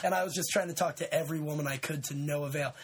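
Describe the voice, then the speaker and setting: A man in his twenties hosting a podcast, telling a story in a rambling, laid-back way with lots of fillers and shout-outs. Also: on the high side, fairly even intonation, rapid-fire, husky. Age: 20s. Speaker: podcast host. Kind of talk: casual storytelling chat.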